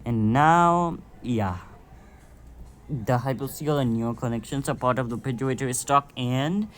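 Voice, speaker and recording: A casual explainer with an American accent walks through a biology topic in a loose, chatty way. The speaker keeps stumbling, restarting and correcting themselves, and drops in joking asides. Middling pitch, with faint noise in the background. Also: a little slow. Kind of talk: casual informal lesson.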